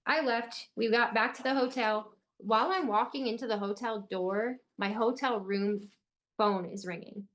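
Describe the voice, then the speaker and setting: A woman's voice: a little high, normal speed, fairly bright tone. Young woman telling an intense story. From Illinois. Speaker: guest. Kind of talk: personal account in an interview.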